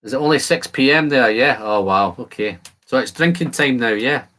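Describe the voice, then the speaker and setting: A man of ordinary pitch hosts a relaxed whisky live stream. He chats easily with his viewers, answers their comments one by one and breaks off to describe the aromas of the dram he is tasting. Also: normal speed. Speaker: whisky channel host. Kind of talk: casual live stream chat.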